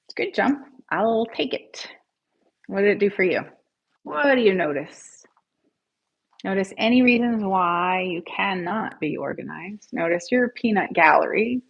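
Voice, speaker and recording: A woman's voice: medium pitch, lively intonation, a little slow, vocal fry, breathy edge, highs cut off. A woman hosting a live guided tapping session, encouraging viewers and calling out their scores, and leading affirmations for listeners to repeat after her. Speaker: tapping coach, livestream host.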